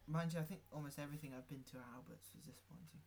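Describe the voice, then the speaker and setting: A man's voice: on the high side, fairly even intonation, racing, vocal fry, darkish tone, a little hiss or hum. A young man ranting about gigs. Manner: sarcastic, swearing ranter. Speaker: podcast co-host. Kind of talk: casual chat.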